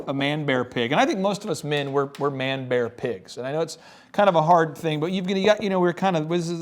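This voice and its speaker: A man in casual business podcast chat, an animated and self-deprecating storyteller who often acts out how other people talk. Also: a little high.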